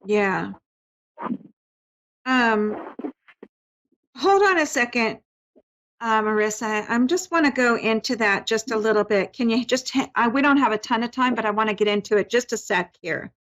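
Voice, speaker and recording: Soothing woman medium, somewhat high voice. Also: lively intonation, moderate pace, pauses often, a bit bright, slight background noise, low-quality recording. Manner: soothing, reassuring, talks in fillers and restarts. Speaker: psychic medium host. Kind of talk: psychic reading on a call-in show.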